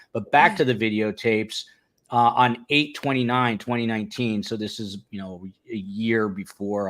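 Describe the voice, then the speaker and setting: A man's voice: mid-range voice, fairly bright tone. A man hosting a live stream, reading viewer comments aloud and talking them over in a loose, casual way with many fillers. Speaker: host.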